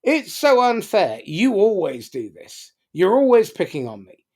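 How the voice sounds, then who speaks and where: Whiny victim type, high and plaintive, swooping pitch, as a man puts him on. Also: huge pitch swings, measured pace, a little mellow, heavily acted. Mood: whining. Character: whining self-pitying adult man playing victim.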